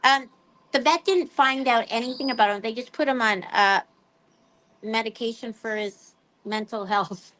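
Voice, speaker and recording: A woman's voice: fairly high pitch, normal speed, a bit bright. A woman chatting casually to her pet birds and her viewers in a playful, rambling way. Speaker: pet bird vlogger.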